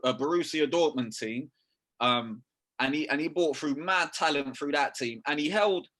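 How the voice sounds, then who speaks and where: A man's voice: fairly high pitch, fairly bright tone. A young man, talking football in a casual podcast chat, full of slang and swearing. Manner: slangy, swearing, keeps saying "bruv". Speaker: podcast co-host.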